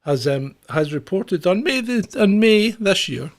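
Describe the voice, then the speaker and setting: A man co-hosting a comedy news podcast, often laughing and rambling through asides. His voice sits high and swings widely in pitch. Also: lively intonation, a little slow. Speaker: podcast co-host. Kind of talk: casual banter.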